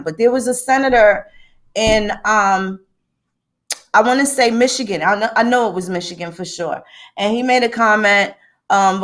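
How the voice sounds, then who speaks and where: A woman hosting a livestream, ranting emphatically with a lot of profanity and greeting viewers by name. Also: medium pitch. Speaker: livestream host. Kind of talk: livestream commentary.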